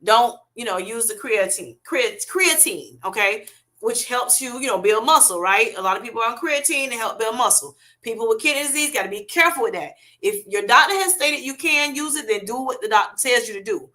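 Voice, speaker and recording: With a bright, forceful, fairly high voice, this middle-aged livestream host moves briskly through viewer comments. Her intonation is lively, and her answers are chatty and affectionate. "Honey" and "baby" come up often.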